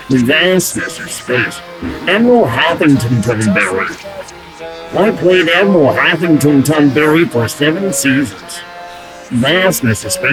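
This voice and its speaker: A man doing a faded actor lost in memories of his old space show. He rambles and circles back on the same phrases, his voice rising and falling a lot. Guitar music plays clearly under him. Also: on the high side, rough recording. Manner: rambling, repeating himself dreamily. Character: washed-up male actor, rambling old sci-fi admiral. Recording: music playing behind.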